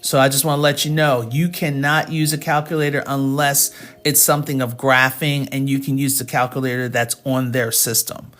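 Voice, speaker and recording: A woman's voice: rumbling low, little pitch movement, normal speed, fairly bright tone, soft background music. A middle-aged woman tutoring math in a casual livestream, chatting with viewers and laughing often.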